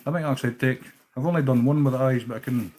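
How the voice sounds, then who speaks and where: A man's voice: medium pitch, fast, a little mellow. Easygoing Scottish man chatting while working. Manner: chatty, easygoing, swears casually. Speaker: livestream host tying fishing flies. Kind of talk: casual live-chat while working.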